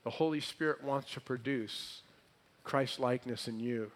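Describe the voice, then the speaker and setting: A man preaching a sermon, quizzing the congregation with questions and swinging between loud emphatic phrases and hushed lines. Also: mid-range voice, moderate pace.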